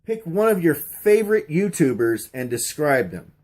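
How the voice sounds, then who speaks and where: A man's voice: on the high side, very animated, moderate pace, darkish tone. Rambling middle-aged man telling stories. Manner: rambling, many uh fillers and restarts. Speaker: YouTuber answering a question tag. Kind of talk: casual storytelling vlog.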